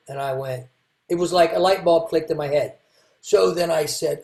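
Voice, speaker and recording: A man from Kentucky, a guest telling his life story in a candid, halting way and restarting his words. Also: fairly high pitch, darkish tone. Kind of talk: casual interview storytelling. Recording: echoey room.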